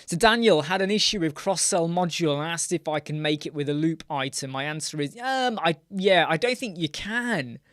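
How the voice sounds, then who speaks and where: A man hosts a live question-and-answer stream, talking loosely and thinking aloud as he works through a screen demo. He breaks off to greet viewers by name and then picks his point back up. His voice sits a little high, and the sound is dry and close. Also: animated, fairly quick, few pauses, fairly bright tone, clean tone, dry recording. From United Kingdom. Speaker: host of a live web design Q&A.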